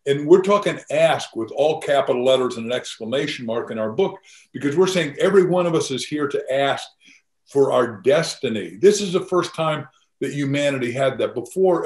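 A man's voice: mid-range voice, moderate pace, a little mellow. An older man from the United States, a guest author talking in an emphatic, motivational way in an interview. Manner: emphatic, motivational, laughs between points. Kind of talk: enthusiastic interview talk. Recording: roomy echo.

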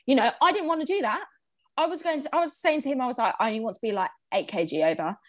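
A young woman chatting casually, animated, swearing freely and laughing often. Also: high-pitched, rapid-fire. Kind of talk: casual chat.

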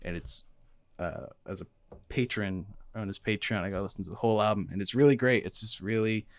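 A man co-hosting a podcast, chatting in a relaxed way with lots of fillers. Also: on the low side, fairly quick, a little hiss or hum. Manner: relaxed, filler-heavy enthusing. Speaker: podcast co-host. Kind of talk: casual chat.

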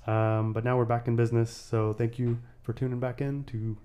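A man hosting a casual podcast with his kids, playful and quick to laugh as he quizzes them. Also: medium pitch, little pitch movement, warm tone, smooth. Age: adult. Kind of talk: casual family podcast chat.

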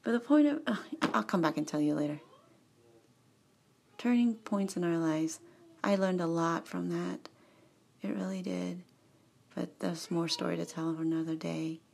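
A woman's voice: on the low side, moderate pace, creaky, pauses often. A woman vlogger telling a rambling personal story, often cutting herself off, going off on tangents and laughing. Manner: digressive, self-interrupting, laughs often; animated and chatty.

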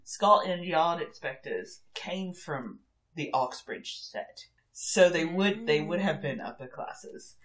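A woman's voice: lowish voice, animated, slow. A young woman with a posh southern English accent, chatting and laughing often as a podcast co-host, swearing freely. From England. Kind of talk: casual chat recapping a show.

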